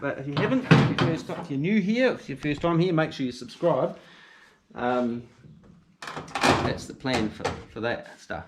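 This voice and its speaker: He hosts a laid-back car restoration vlog from a garage, speaking with a New Zealand accent into a handheld camera's mic while thinking out loud and correcting himself. His pitch is fairly high and his intonation lively at a normal speed, though the recording is very noisy.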